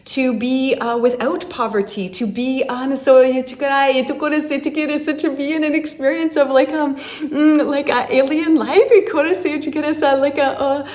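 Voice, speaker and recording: Woman, high voice, channeling, rambling with fillers, chanted syllables, emotional, tearful laughter. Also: fairly even intonation, slow, a little mellow. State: laughing and crying at once. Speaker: spiritual channeler. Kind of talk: channeled light language transmission.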